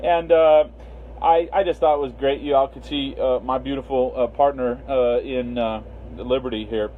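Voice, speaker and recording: A man's voice: medium pitch, level tone, moderate pace. Guy on a livestream rambling w lots of uhs, phone-line quality sound, light hiss. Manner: rambling, many fillers, greets viewers by name. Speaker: livestream host. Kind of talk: casual livestream talk. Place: Las Vegas.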